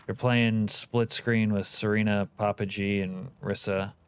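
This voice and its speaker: Streamer type, male, low smooth voice, dry close sound, swears freely, bantering with chat. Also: steady tone, unhurried, dry recording. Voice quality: profane, joking banter. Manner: reads and answers live chat. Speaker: livestream host. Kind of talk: casual chat with viewers.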